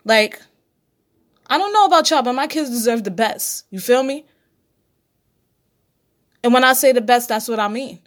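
Speaking straight to her audience on her own casual podcast, this host is blunt, preachy and profane in her solo monologue. She has a slightly high voice, talks at a normal speed and leaves long pauses.

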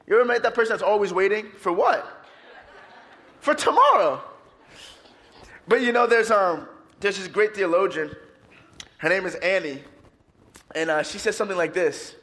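A man preaching a sermon as pastor, lively and playful with his congregation. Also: sits high, normal speed, pauses often. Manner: energetic, playful preaching, leads congregation in song.

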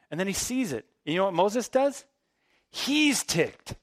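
Male pastor, high voice, dry close sound, relaxed but emphatic preaching. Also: measured pace, no room sound. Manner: conversational, emphatic preaching with casual asides. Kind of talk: sermon.

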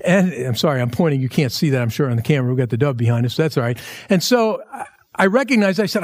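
A pastor from Pennsylvania preaching in a church, telling a personal story in an animated way and acting out the dialogue. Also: male voice, mid-range voice, fast talker. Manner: animated, acts out dialogue in stories. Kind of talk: storytelling sermon. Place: church, filmed.

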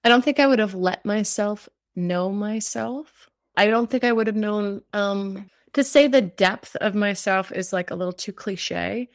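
A woman's voice: mid-range voice, measured pace, no echo, studio quality. A woman guest telling a personal story in conversation. She speaks in a heartfelt, rambling way, full of fillers. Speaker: cancer survivor guest.

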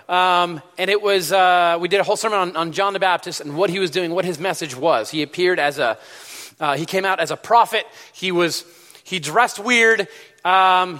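A high-pitched man with a bright, forceful tone preaches a relaxed sermon, full of ums and self-corrections. His voice rings out with a long reverb in a big hall. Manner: chatty, full of fillers and restarts. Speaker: pastor. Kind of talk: casual sermon.

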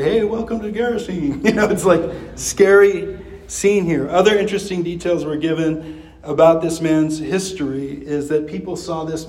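A man preaching a sermon in a conversational way, with chuckles and fillers. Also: a little mellow. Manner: acts out quoted voices with pitch jumps. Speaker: pastor.

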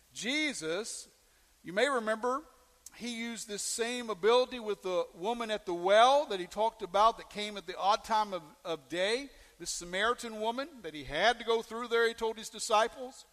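Male pastor mid-sermon, folksy, asks the room questions; high voice, echoing church hall. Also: a bit bright. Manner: folksy storytelling with questions to the congregation.

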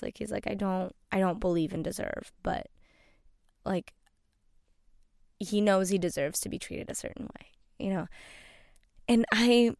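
A woman's voice: medium pitch, gravelly, no room sound, clean studio sound. A young woman hosting her own podcast, talking loosely and chattily with many fillers, getting emotional. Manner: loose and chatty, many likes and you-knows. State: emotional, near tears. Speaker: podcast host. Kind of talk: casual solo podcast talk.

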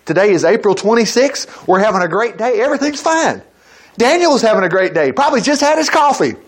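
A male preacher telling a Bible story in a folksy, animated way, acting out the characters. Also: sits high, brisk. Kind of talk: lively storytelling sermon.

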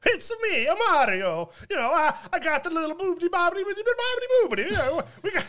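A man voicing a cartoonish Italian plumber in a high, bouncy stereotypical Italian voice. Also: very animated, fast talker, sharp tone, heavily acted. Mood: giddy. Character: cartoonish Italian plumber, giddy about mushrooms.

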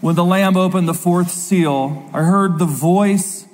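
A man preaching a sermon with a high voice. He reads scripture dramatically, leaning hard and slow on key words. His voice rings with the long reverb of a large hall. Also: slight background noise. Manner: dramatic reading with slow emphatic stresses.

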